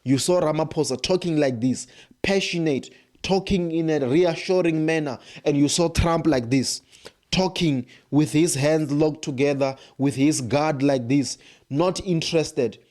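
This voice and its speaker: This South African man's voice is fairly high with a darkish tone, and he talks a little slowly. Facing the camera, he delivers a forceful political opinion piece full of rhetorical questions and repeated phrases.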